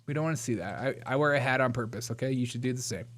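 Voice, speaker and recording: A man's voice: mid-range voice, very fast, fairly bright tone. A man from Georgia hosting a reaction show, mocking news clips and laughing often as he walks. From Georgia, USA. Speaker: host. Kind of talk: reaction commentary.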